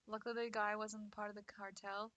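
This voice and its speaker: A woman's voice: medium pitch, flat delivery, a little fast, a bit bright, no room sound, dull audio. A woman chatting casually with her stream chat while drawing. She laughs often and talks with lots of fillers. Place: home setup at a computer.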